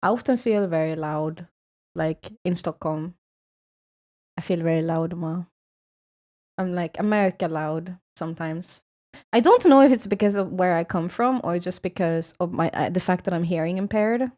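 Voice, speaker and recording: A woman's voice: fairly low pitch, moderate pace, darkish tone. A woman from Sweden with a Swedish accent, streaming and chatting casually with viewers in a rambling, swearing style.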